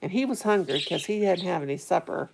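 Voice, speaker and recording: A middle-aged woman chats on and on to her live-stream viewers, reading their comments aloud. Her voice is quite low and full of vocal fry. Faint birdsong sits behind her. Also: animated, fairly quick, a little hiss or hum. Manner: rambling, chatty, talks to viewers. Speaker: vlogger reading live chat. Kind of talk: casual live-stream chat.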